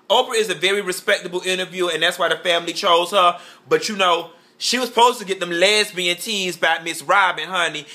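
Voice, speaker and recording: Sassy high-voiced male gossip vlogger. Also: pushed and bright. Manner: sassy, drawling, peppered with "honey" and "child"; throws playful shade. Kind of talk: campy gossip commentary.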